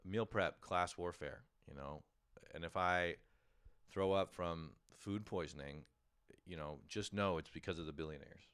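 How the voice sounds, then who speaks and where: A man's voice: low-pitched, unhurried, a bit bright, clear, resonant tone. A man hosting a casual comedic monologue from home, rambling, self-mocking and swearing freely. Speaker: podcast host.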